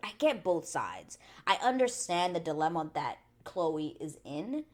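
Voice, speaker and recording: A woman's voice: lowish voice, sing-song, measured pace, a little mellow. A woman hosting a casual TV recap vlog, chatty and blunt, full of "like" fillers and swearing. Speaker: TV recap channel host.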